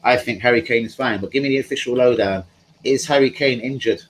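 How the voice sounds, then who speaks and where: A man's voice: medium pitch, brisk, a little hiss or hum, rough recording. A man hosting a live stream from home, chatting casually in a rambling, slangy way and talking to his viewers. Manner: rambling, slangy, talks to chat.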